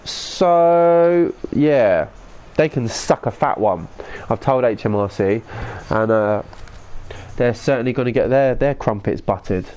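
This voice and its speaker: A man's voice: medium pitch, expressive, takes it slowly, a little mellow. Laid-back sweary man streaming. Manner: laid-back, sweary, reads chat aloud. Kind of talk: casual live-stream commentary.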